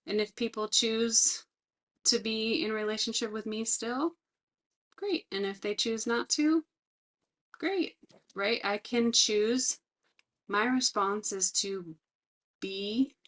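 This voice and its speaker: A woman's voice: mid-range voice, fairly bright tone. Earnest, reflective middle-aged woman trainer. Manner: reflective, earnest, slows down to stress key words. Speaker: resilience trainer. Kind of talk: personal talk with teaching.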